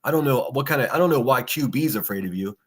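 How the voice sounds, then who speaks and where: Man host, sarcastic and foul-mouthed, mid-pitched, reacting live to clips. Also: animated, fast talker, breathy edge. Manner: mocking, profane, sarcastic. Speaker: podcast host. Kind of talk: solo livestream reaction commentary.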